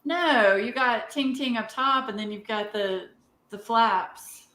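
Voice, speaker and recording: A woman's voice: fairly high pitch, slow pace, a bit bright. A woman hosting a live video chat, blunt and joking, talking casually with her guests. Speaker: host. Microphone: video call. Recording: echoey room with faint background noise.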